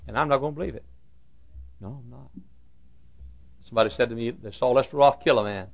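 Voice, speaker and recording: A man preaching a sermon, repeating phrases for emphasis and swinging from loud outbursts to hushed lines. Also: medium pitch, fast, creaky. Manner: swings between loud shouted lines and hushed quiet ones; repeats phrases for emphasis, acts out quoted dialogue. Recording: dull lo-fi recording.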